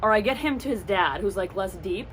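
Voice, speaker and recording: A young woman telling a storytime vlog story in an animated way, acting out the voices of the people in it. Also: medium pitch, fairly quick, slight background noise. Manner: animated, acts out voices in her stories. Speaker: vlogger.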